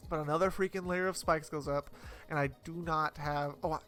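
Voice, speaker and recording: A young man talks through his own gameplay in a bright, forceful voice that sits a little higher than most men's. He rambles casually, full of fillers and quick self-corrections, with faint music playing underneath. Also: steady tone. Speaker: competitive Pokemon player commentating his battle.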